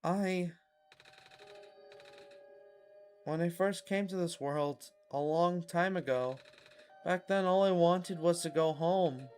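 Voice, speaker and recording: A man reading as a sad, gentle lost child. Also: a little high, unhurried, faint music behind, lightly acted. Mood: wistful. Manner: soft, subdued, reflective reading. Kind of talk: reading game dialogue aloud.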